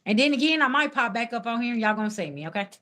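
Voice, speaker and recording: A woman's voice: a little high, expressive, very fast, bright, forceful tone. A woman, chatting casually on a live stream as a spiritual reader and answering viewers' comments in a sassy, blunt way. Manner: sassy, blunt, talks straight back at chat comments.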